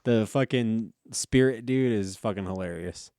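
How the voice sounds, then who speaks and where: A man's voice: fairly low pitch, a little slow, warm tone, dry recording, clean studio sound. A man co-hosting a casual podcast, laid-back and swearing freely as he retells TV scenes. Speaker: podcast co-host. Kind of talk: casual chat.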